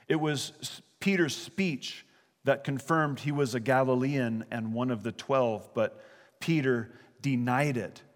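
A man delivers a sermon in a mid-pitched, earnest and conversational voice, easing into quiet, softer passages as he preaches. His voice rings with the long reverb of a large hall. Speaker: pastor.

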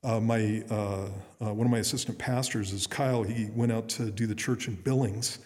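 A man's voice: on the low side, steady tone, normal speed, a little mellow. A middle-aged man, a pastor, preaching earnestly in a conversational way with frequent restarts. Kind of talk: sermon. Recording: long reverb in a hall.

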